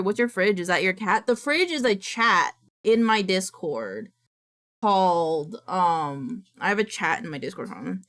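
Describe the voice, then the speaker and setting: Excitable swearing woman streamer. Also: lowish voice. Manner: excitable, swears a lot, reads chat aloud. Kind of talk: casual live-stream chat.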